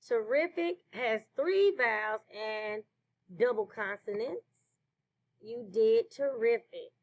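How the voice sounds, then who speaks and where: A woman teacher leading a slow phonics lesson for children, praising answers. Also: fairly high pitch, animated, highs cut off. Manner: slow, clear classroom delivery with praise.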